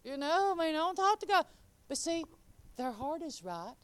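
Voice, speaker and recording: A woman preaching an informal sermon and giving her testimony. She talks straight to the crowd and swings between soft, quiet asides and loud, emphatic lines. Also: high voice, very animated, normal speed, no room sound. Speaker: speaker giving a testimony and teaching.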